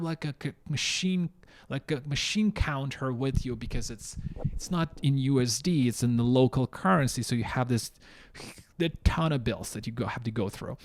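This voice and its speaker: A young man from Ukraine, telling a story to camera in a blunt, animated way and swearing freely. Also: on the high side. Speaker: vlogger.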